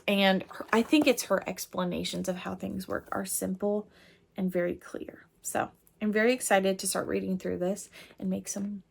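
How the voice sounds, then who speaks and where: A woman's voice: mid-range voice, creaky, a little hiss or hum. A young adult woman who makes crochet things, chatting casually to camera in a rambling way with lots of fillers. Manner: giggly, laughing hard. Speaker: crochet designer and vlogger.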